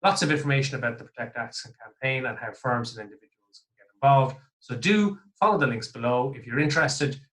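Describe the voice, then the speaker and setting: A man's voice: mid-range voice, fast, few pauses, fairly bright tone. A man with an Irish accent hosting a podcast, jovial and chatty with self-deprecating humour. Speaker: podcast host. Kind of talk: casual podcast chat.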